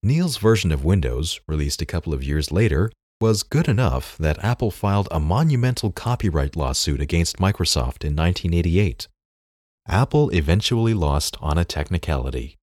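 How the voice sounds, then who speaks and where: A man's voice: deep voice, sing-song, normal speed, darkish tone, dry recording, studio quality. A man reading a first-person memoir story aloud, telling it expressively and acting out the quotes. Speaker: narrator.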